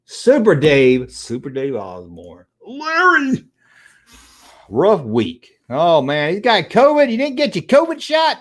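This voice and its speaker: The voice is on the high side and a little slow, with hardly any pauses. It belongs to a middle-aged man running a casual livestream, profane and animated as he wanders between tangents with his viewers.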